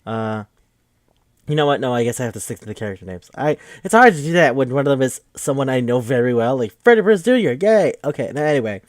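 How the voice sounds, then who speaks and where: A man talks through a film he loves in a loose, rambling recap. He swears freely and gets worked up, stumbling over restarts. His voice sits at an ordinary middle pitch, and the recording is dry and close, with no room sound. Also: quick pace, dry recording. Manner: rambling, profane and excitable, with many fillers and restarts. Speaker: podcast host reviewing a film.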